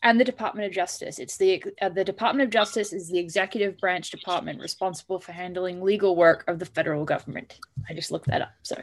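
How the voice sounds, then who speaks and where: A woman's voice: fairly low pitch, fast talker, hardly any pauses. A woman co-hosting a live stream, chatting casually and hesitantly, with restarts. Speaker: co-host.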